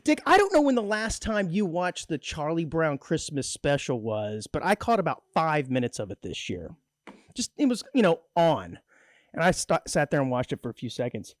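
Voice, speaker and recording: A man's voice: fairly high pitch, big pitch swings, normal speed, dry recording, clean studio sound. A man co-hosting a community radio show in casual comedic chat, joking and laughing often. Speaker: radio co-host. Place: radio studio.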